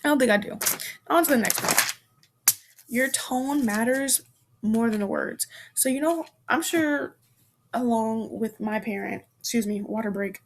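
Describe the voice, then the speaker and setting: Chatty young woman, slightly high voice. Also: measured pace, slight background noise. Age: 20s. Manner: chatty, heavy on fillers and restarts; frank and playful, mild swearing. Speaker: podcast host. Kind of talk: casual chat.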